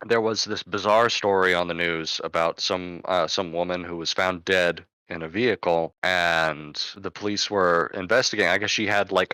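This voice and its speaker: Bright-voiced, rambling young man telling stories. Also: deep voice, clean tone, dry recording. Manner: rambling, filler-heavy, loud and animated when acting out scenes. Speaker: storyteller guest recounting work stories. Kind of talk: casual storytelling. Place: online voice chat.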